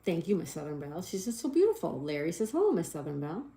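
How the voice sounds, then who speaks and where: A woman's voice: on the low side, sing-song, fast, gravelly, warm tone. Cheerful woman spelling out crossword answers. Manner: apologetic over slips. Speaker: livestream host. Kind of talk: casual livestream chat, reading viewer comments.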